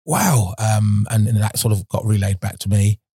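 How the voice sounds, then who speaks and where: Dark, husky man telling his story. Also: lowish voice, moderate pace, no echo. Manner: rambling and frank, many restarts and fillers. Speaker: guest, former Olympic sprinter. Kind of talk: candid storytelling interview.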